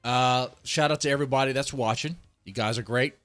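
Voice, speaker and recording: A man's voice: mid-range voice, brisk, fairly bright tone, smooth, faint music behind. A man reacting to a video on a live stream, greeting chatters and ranting with heavy swearing. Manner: profane, ranting, mocking. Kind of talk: casual live-stream commentary.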